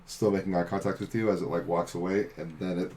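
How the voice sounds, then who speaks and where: A man's voice: deep voice, steady tone, quick pace, darkish tone, slight background noise. A young man narrating as game master of a tabletop game, loose and chatty with many fillers.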